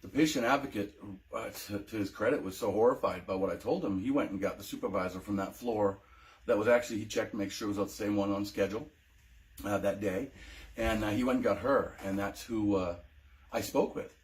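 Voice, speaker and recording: A man's voice: on the low side, a little fast. Emotional, hesitant veteran man. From United States. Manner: emotional, hesitant, many ums and restarts. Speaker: veteran telling his own story. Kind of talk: personal testimony vlog.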